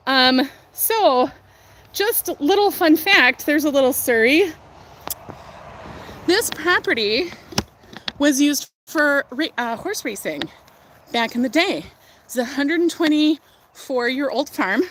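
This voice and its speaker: A young woman chats and gushes as she walks her farm outdoors, voice sitting a little high. She talks into a phone held in hand, trailing off into fillers and little laughs. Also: animated, slow pace, long pauses, fairly bright tone, a little hiss or hum. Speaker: livestream host. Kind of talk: casual livestream tour.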